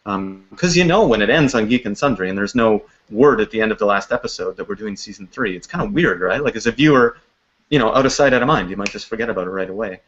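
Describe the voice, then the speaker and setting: A man's voice: on the low side, expressive, fast, a bit bright. A man who makes a web series, talking in a video call interview in an upbeat, chatty way with lots of fillers. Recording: dull lo-fi call audio.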